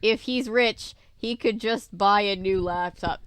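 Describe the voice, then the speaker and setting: A woman's voice: mid-range voice, a little slow, fairly bright tone, smooth, dry recording, clean studio sound. A woman hosting a let's play, giving casual, wry commentary and laughing often. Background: game music.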